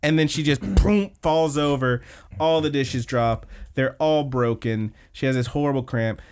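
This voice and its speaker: A man of middle pitch talking loosely on a podcast, recapping scenes in a relaxed, rambling way. He swears freely and drops into brief quoted lines as he tells the story. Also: a little slow, clean tone. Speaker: podcast co-host. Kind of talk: casual anime recap chat.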